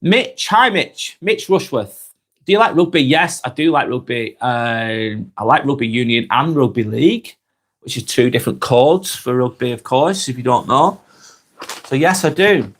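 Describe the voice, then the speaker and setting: A man in his forties with a Northwest English accent, getting over a cold, reading out viewers' comments and chatting back in a relaxed, friendly way. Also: mid-range voice, normal speed. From Northwest England. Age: 40s. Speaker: live stream host reading comments. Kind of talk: casual live chat.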